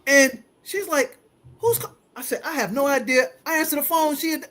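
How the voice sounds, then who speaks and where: Host, male, 40s: lively, chatty storyteller who voices the people in his tales. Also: very high voice, normal speed. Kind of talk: casual storytelling.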